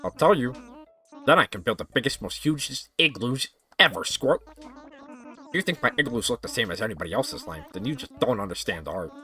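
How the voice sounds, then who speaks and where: A man's voice: medium pitch, expressive, brisk, bright, forceful tone, soft background music. A man doing a peppy bragging frog jock. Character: boastful jock male frog villager.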